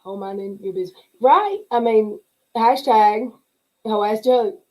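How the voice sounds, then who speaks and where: Reading comments as they roll in, a middle-aged livestream host with a relaxed, mellow drawl chats casually, laughing a lot and greeting every viewer by name. She speaks a bit slowly at a medium pitch over poor audio.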